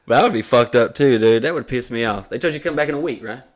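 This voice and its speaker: A man hosting a comedy podcast, telling stories in a loose, profane and animated way, often laughing. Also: medium pitch, fast talker. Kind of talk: casual comedic storytelling.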